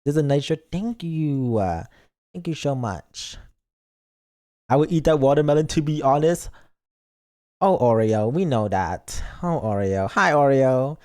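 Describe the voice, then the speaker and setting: Lively, playful male VTuber streamer. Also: medium pitch, unhurried. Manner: playful, goofy, mock-defensive banter with chat. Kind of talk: casual game stream chat.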